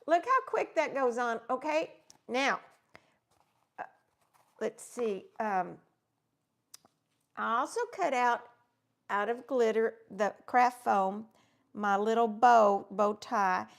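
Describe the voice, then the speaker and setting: Woman, middle-aged, craft livestream host, chatty, high-pitched voice. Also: slow, gravelly, long pauses. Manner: warm, chatty, greets viewers by name.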